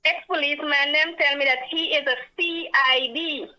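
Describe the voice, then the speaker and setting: A woman phones in to a talk show, hurrying and talking over the host. Her voice is high and bright. It comes through a tinny phone line. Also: fairly even intonation, normal speed. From Guyana. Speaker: caller.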